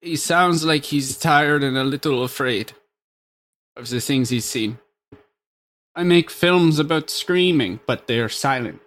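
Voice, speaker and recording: A man imitating a gloomy older German filmmaker in a low, hushed, put-on German accent. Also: unhurried, close to an everyday voice. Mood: brooding. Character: weary older male filmmaker, gloomy, haunted.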